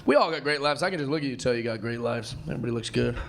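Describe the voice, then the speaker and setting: A man doing a stand-up set, telling a story in an animated way and acting out the voices of people in it. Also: mid-range voice, rapid-fire, vocal fry, slight background noise. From United States. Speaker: stand-up comedian. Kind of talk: stand-up set played from a clip.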